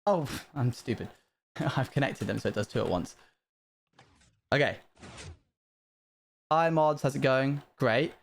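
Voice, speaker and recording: A man streaming a building game live, chatting casually to his viewers and breaking into panicked high-pitched bursts when something goes wrong. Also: animated, a little slow, creaky, pauses often, a little hiss or hum.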